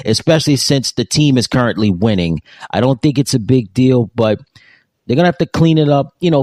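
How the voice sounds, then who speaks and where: A man's voice: medium pitch, a little mellow, no room sound. A man hosting a sports show, giving solo football commentary in an emphatic way and repeating his points.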